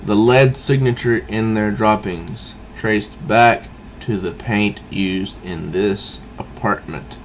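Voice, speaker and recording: A man's voice: lowish voice, slow pace, hardly any pauses, a little hiss or hum, rough recording. A man doing a grim masked hero. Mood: stern.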